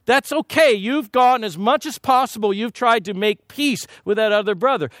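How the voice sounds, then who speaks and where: A middle-aged man delivers a sermon in a relaxed, conversational way, throwing rhetorical questions and asides at his listeners. His voice sits high for a man. The recording is close and dry, with no room echo. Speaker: preacher.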